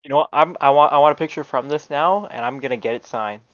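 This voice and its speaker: A man's voice: medium pitch, fast talker, a bit bright, no room sound. A man co-hosting a casual movie-review podcast, making wry, dry remarks. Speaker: podcast co-host. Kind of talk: casual chat. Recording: dull, dry podcast audio.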